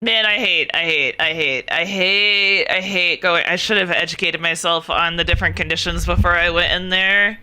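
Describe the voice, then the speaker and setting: A young woman streams herself chatting with viewers, talking in an animated, exasperated rant full of swearing. Her voice is very bright and crisp, smooth and clear. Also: fairly low pitch, normal speed, hardly any pauses. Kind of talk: casual chat.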